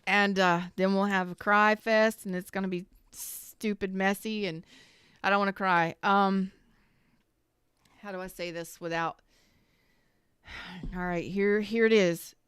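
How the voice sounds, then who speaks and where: Woman, tarot reader, live stream, candid and rambling, close to tears, very smooth resonant voice. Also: mid-range voice, fairly even intonation, takes it slowly, long pauses, a bit bright, no echo. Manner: rambling, candid and emotional, with casual swearing.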